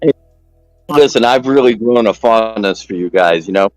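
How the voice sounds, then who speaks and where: A man with a fairly low voice spins a rambling story in casual chat. He grows animated and jumps higher whenever he quotes someone. The sound is close and dry, with faint music playing behind him. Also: normal speed, no echo, low-quality recording.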